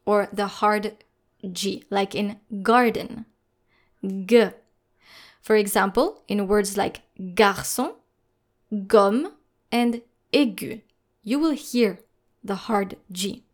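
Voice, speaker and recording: A woman teaching French pronunciation in a lesson, speaking slowly and carefully, spelling out letters and repeating each sound. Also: a little high. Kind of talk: scripted lesson narration.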